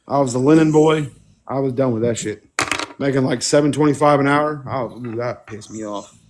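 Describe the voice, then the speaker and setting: A man's voice: medium pitch, brisk, darkish tone. Profane, storytelling man in casual chat. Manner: profane storyteller, does voices of people he quotes. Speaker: podcast co-host.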